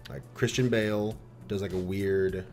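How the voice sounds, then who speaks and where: A man's voice: on the low side, steady tone, moderate pace, a little mellow, soft background music. A man co-hosting a casual podcast, joking with crude asides. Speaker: podcast co-host. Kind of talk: casual chat.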